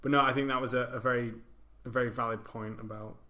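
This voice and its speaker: A man's voice: mid-range voice, steady tone, fast, sharp tone. Chatty man hosting a podcast. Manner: chatty, informal, self-deprecating. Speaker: podcast host. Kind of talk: casual podcast discussion.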